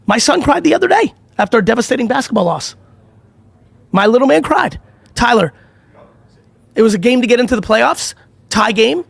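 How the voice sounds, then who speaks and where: A man's voice: very high-pitched, creaky, breathy edge, dry recording. A middle-aged man hosting a live stream, talking in an intense, profane, emphatic way with lots of repetition. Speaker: livestream host running giveaways. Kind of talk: unscripted live-stream pep talk and sales pitch.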